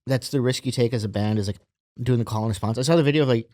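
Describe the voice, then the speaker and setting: A man co-hosting a podcast, chiming in casually with quick questions and lots of fillers. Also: medium pitch, warm tone, dry recording, studio quality. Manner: quick interjections, laughs often, many fillers. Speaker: podcast co-host.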